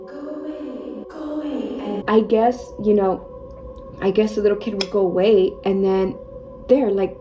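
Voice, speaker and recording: A woman's voice: medium pitch, dark tone, poor audio. A young woman vlogger chatting casually about her own experiences while doing her makeup, constantly saying "you guys" and "like.". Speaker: beauty vlogger.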